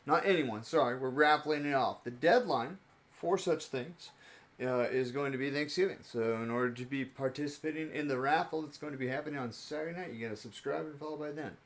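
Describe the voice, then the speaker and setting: A man's voice: mid-range voice, brisk. A young man chatting casually on his live stream as he opens card packs, rambling and joking about himself.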